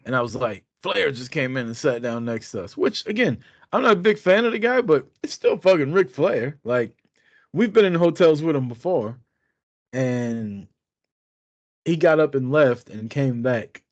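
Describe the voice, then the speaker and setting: A man's voice: mid-range voice, animated, normal speed, no room sound, highs cut off. A man co-hosting a podcast, telling a rambling, profane story in casual chat. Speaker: podcast co-host.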